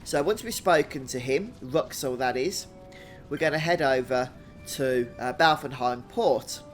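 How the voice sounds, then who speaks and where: A man's voice: medium pitch, unhurried, soft background music. Chatty man doing a game walkthrough. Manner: relaxed, chatty, thinks aloud. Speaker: gaming channel host.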